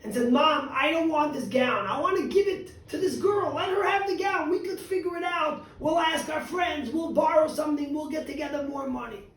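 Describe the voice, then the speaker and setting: A man's voice: extremely high pitch, normal speed, few pauses, fairly bright tone, very echoey, distant mic, poor audio. A man voicing a kind, moved wife. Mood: earnest. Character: poor sage's wife, kind, moved, middle-aged.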